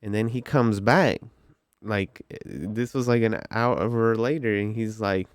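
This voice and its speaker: A man's voice: lowish voice, slow, no room sound. A man telling a story in a casual, rambling vlog manner, with lots of "like" and "you know".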